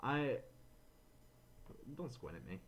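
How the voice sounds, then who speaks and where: A man co-hosting a podcast, telling a frustrated story in casual chat, animated and ranting, slipping into quoted voices. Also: mid-range voice, slow, a little hiss or hum. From Florida, USA. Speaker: podcast co-host.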